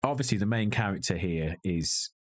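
A man's voice: deep voice, expressive, moderate pace. A man co-hosting a podcast, reviewing a film in a wry, joking, rambling way. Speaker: podcast co-host. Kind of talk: casual film review chat. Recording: slightly glitchy video call audio.

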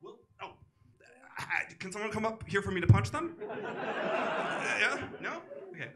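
A man's voice: sits high, lively intonation, moderate pace, noisy background. An American man doing a stand-up set, telling a story in a loose, profane way with lots of fillers. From United States. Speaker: stand-up comedian. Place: comedy club stage.

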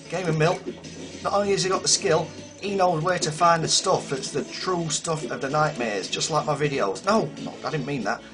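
A man hosting a casual game commentary, rambling and self-mocking with sudden exclamations, his voice a little hoarse. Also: on the high side. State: slightly hoarse voice. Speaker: gaming video host. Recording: game music behind voice.

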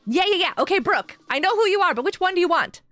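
A woman's voice: extremely high pitch, expressive, quick pace, a bit bright, no echo, faint music behind. A woman hosting a live game stream, bubbly and gushing as she greets viewers in chat by name.

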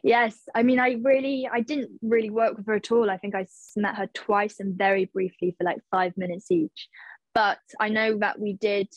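A woman's voice: mid-range voice, steady tone, moderate pace, dry recording, low-quality recording. A woman in her twenties, an actress answering interview questions casually, hesitant, with many fillers and restarts as she searches for words. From England. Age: 20s.

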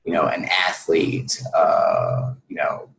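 A man with a very low voice tells his own story slowly and earnestly, with many fillers. He is recorded in an echoey room with faint noise behind him. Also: flat delivery, gravelly. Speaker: guest. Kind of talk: personal story in an interview.

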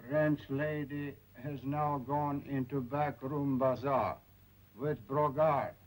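An actor playing a male spy who gives a slow, deliberate report in broken English. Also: mid-range voice, fairly even intonation, lightly acted, low-quality recording.

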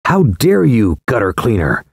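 A man's voice: on the low side, huge pitch swings, a little slow, creaky, husky, no echo, clean studio sound, heavily acted. A man voicing a stern male council elder, cold and condemning, in a scripted storybook reading. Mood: scornful.

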